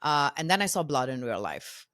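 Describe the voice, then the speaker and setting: A woman in her thirties tells stories in a low voice and acts out what people said to her. The sound is close and dry, with no room in it. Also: normal speed, no echo. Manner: animated, quotes herself and others in lively voices. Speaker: podcast guest, founder. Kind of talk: casual storytelling interview.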